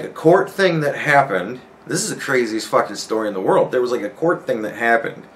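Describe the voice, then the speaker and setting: A man hosting a podcast, telling a story in a casual, profane, animated rant and laughing often. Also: mid-range voice. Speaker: podcast host.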